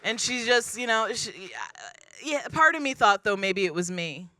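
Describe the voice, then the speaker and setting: On a club stage, a woman performs a stand-up comedy set, deadpan and self-deprecating, acting out the people in her stories. Her voice is medium-pitched at a measured pace, with a faint crowd audible.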